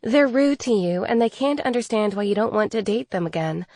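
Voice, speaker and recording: A woman voicing a chatty young female fairy masseuse who gossips and gets easily excited, her voice lifting higher and brighter. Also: brisk, no room sound, lightly acted. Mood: excited, complaining. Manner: bubbly, higher and lively.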